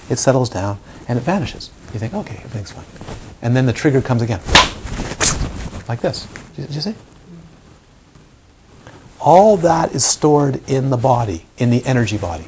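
A man's voice: medium pitch, dark tone, a little hiss or hum. A man giving a meditation teacher's live talk to a group, often questioning the audience and acting out examples.

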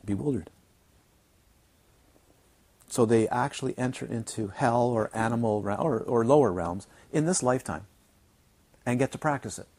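A man's voice: medium pitch, moderate pace, pauses often. Playful man giving a dharma talk. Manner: playful, animated, mimics students' self-talk; repeats words for emphasis. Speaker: Buddhist teacher. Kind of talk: dharma talk to retreat students. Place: retreat centre teaching hall.

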